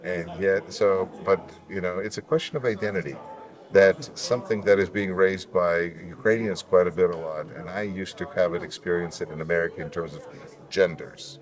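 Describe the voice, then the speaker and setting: A Russian-born man, a native Russian speaker, with a deep announcer-like voice, speaking earnestly and reflectively as an interview guest. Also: steady tone, moderate pace. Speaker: guest, local elected official. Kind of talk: conversational interview.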